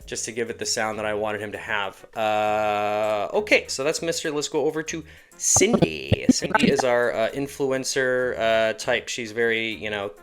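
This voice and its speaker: A man's voice: lowish voice, normal speed. A man, an animator and show creator, explaining his voice work in a casual, rambling tutorial. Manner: casual, rambling, self-deprecating. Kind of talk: tutorial walkthrough.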